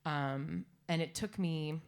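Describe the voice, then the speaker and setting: Tearful singer-songwriter in her thirties, low voice, halting stage chat. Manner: rambling, emotional, halting with many fillers. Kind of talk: on-stage chat between songs. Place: stage at a live songwriters' round.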